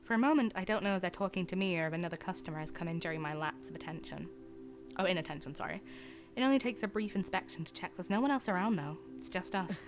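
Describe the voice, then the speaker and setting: A woman's voice: lowish voice, lively intonation, fast talker, music in the background. A young woman streaming a visual novel, reading the narration aloud and breaking off for chatty, laughing asides.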